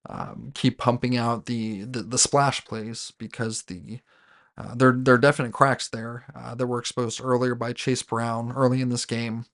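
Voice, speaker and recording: A man talks through his team's latest game on his own podcast, speaking as a fan. His pitch stays level, with little rise and fall, and he keeps restarting sentences and filling pauses. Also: little pitch movement, fairly bright tone. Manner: rambling, with frequent fillers and self-corrections; fan talking about his team as "we". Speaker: sports podcast host. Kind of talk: casual solo game recap.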